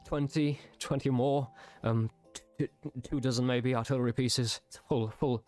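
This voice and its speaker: A man's voice: medium pitch, normal speed, faint music behind, close to an everyday voice. A man voicing a young, exhausted male soldier who stammers and gasps as he reports. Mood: shaken, stammering. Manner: breathless, stammering, gasping.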